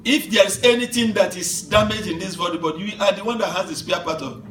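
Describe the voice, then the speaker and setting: Fervent high-voiced preacher in an echoey hall. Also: male voice, brisk, a little hiss or hum. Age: 50s. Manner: fervent preaching, shouting to soft, laughs through stories. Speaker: pastor. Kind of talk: sermon. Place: church hall. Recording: echoey church hall from far off, with music.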